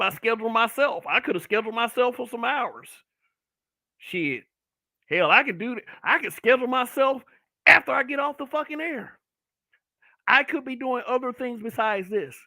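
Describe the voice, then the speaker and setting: A middle-aged man hosts his own solo broadcast, ranting bluntly with lots of profanity. His voice sits high and sounds bright and forceful. It is recorded close and dry. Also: dry recording. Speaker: online talk show host. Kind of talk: brutally honest solo commentary broadcast.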